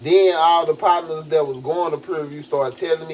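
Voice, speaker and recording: A man's voice: on the high side, steady tone, a little fast, a little mellow, slight background noise. A young man on a livestream telling a personal story in a casual way, laughing often and acting out the voices he quotes.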